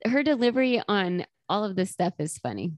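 A woman's voice: medium pitch, very animated, brisk, no echo, clean studio sound. A woman co-hosting a casual chat, recapping a sitcom episode and quoting the characters in little voices. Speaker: podcast co-host.

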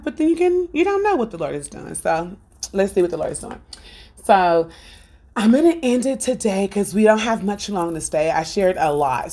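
A middle-aged woman hosting a faith podcast, telling family stories in a lively, unscripted way and acting out the voices of her family. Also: on the low side. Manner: animated storytelling, acts out family dialogue; laughs between thoughts. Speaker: podcast host.

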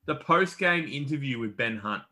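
Aussie bloke on a sports podcast, blunt and sweary, bright voice, middle pitch. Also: male voice, expressive, normal speed. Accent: Australian. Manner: blunt, swears, frequent restarts. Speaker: podcast co-host. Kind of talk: casual sports chat.

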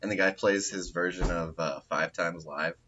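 A man co-hosting a podcast in casual chat, lively and quick to laugh. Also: low voice, highs cut off, slight background noise.

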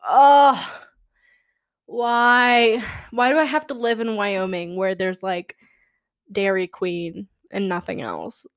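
A woman's voice: mid-range voice, slow pace, fairly bright tone, clear, resonant tone. A young woman hosting a podcast, talking casually on her own in a chatty, rambling way with dramatic asides. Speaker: podcast host. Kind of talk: casual solo chat.

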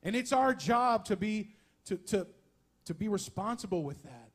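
A man preaching a folksy, animated sermon in church, with asides and humor. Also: sits high, moderate pace, slightly rough. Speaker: pastor. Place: church sanctuary.

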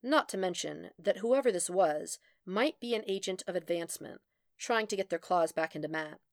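A woman narrates a fan story aloud in a steady, even way. Her voice sits low, and the sound is close and dry with no room around it. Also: normal speed, dry recording. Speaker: podfic reader. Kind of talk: scripted narration.

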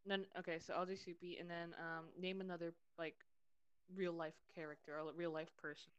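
A woman's voice: on the low side, level tone, fairly quick, lo-fi sound, a little hiss or hum. A woman co-hosting a casual podcast among friends, asking questions and repeating herself. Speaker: podcast co-host.

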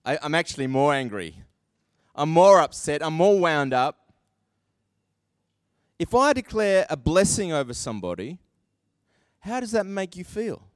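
A man preaching a sermon, animated and acting out quoted voices with self-deprecating asides. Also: a little high, unhurried, long pauses, smooth, no echo. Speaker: pastor.

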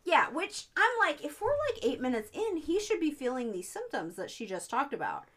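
A woman's voice: high voice, sing-song, moderate pace, a bit bright. A woman in casual chat, retelling a film's plot and acting out the characters' lines. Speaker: podcast co-host. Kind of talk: casual chat recapping a film.

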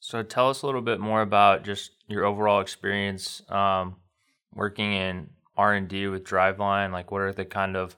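Deep, crisp-voiced podcast co-host. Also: male voice, flat delivery, normal speed, sharp tone. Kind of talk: interviewer questions.

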